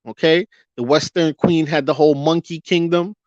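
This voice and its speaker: A man with a somewhat high voice delivers a heated commentary rant, pressing his audience with rhetorical questions and drawn-out emphasis. The recording is dull and lo-fi, with a close, dry sound and no room echo. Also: fairly even intonation, darkish tone. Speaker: vlogger. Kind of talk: ranting commentary monologue.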